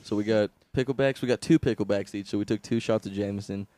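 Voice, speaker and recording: A man's voice: fairly low pitch, fast, dark tone, no room sound. A young man co-hosting a comedy podcast, rambling through crude stories and laughing often. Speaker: podcast co-host. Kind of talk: casual chat. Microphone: studio microphone.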